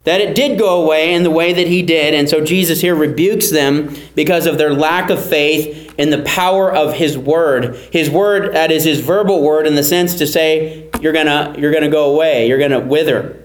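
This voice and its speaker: A man's voice: on the high side, normal speed, hardly any pauses, reverberant, low-quality recording. A man preaching a sermon, earnestly teaching and repeating key phrases for emphasis. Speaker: pastor.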